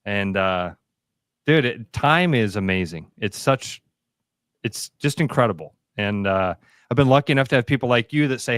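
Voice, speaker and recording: A man's voice: medium pitch, animated, normal speed, a bit bright, dry recording. Earnest sports radio co-host man, dry. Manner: earnest, emotional, casual with fillers. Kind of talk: casual sports radio chat.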